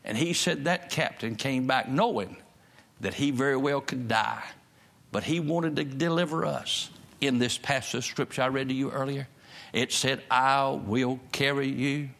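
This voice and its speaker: A pastor delivers a church sermon in a gravelly voice at an ordinary middle pitch. He drives his points home by repeating key phrases with strong emphasis, the way a preacher does from the pulpit. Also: normal speed, fairly bright tone. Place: church service.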